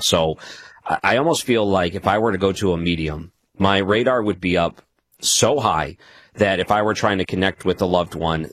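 A man with a deep voice hosts a late-night radio interview, recorded dry and close. He talks in a relaxed, conversational way and builds long, searching questions. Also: dry recording. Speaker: radio talk show host.

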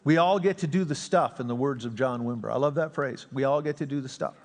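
A man's voice: medium pitch, fast, darkish tone. A middle-aged male pastor preaching a sermon in a church sanctuary, conversational, joking and self-deprecating. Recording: long reverb of a church sanctuary.

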